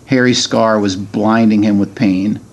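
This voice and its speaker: A man's voice: fairly low pitch, steady tone, measured pace, gravelly, dull audio. A middle-aged man, a podcast guest, chatting casually and reading a book aloud, hesitant with many ums and restarts.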